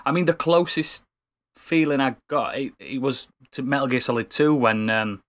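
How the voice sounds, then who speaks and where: A man with a British accent, chatting casually as a podcast co-host, animated, laughing and swearing often. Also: medium pitch, normal speed. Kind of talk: casual chat.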